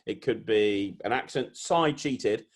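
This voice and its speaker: A man's voice: lowish voice, slow. Enthusiastic man hosting an interview. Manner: effusive, enthusiastic praise. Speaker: podcast host. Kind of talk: casual interview.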